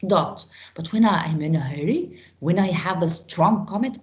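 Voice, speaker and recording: A woman's voice: fairly low pitch, animated, normal speed, low-quality recording. A woman with an Egyptian accent teaching an online grammar class, often repeating and restarting her phrases as she explains.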